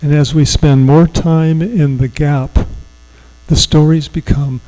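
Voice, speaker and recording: A man giving a reflective, conversational spiritual talk, asking gentle questions and laughing easily. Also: a little high, steady tone, takes it slowly, poor audio. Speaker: spiritual speaker. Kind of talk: sermon.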